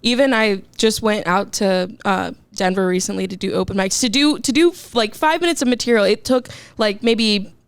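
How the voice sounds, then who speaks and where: Gravelly-voiced woman in a podcast chat. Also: mid-range voice, no echo. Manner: chatty, asks questions, quick to laugh along. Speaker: comedian guest and interviewer. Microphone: studio mic.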